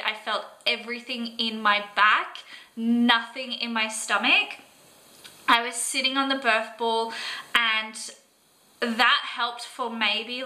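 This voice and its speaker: A woman's voice: on the high side, sharp tone, poor audio. A young Australian woman vlogger telling a personal story to camera, earnest and emotional, full of "like" and "um".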